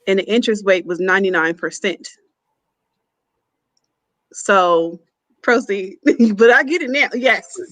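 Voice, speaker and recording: A man co-hosting a casual podcast, jumping in with questions and quick reactions. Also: high-pitched, fairly bright tone. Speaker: podcast co-host.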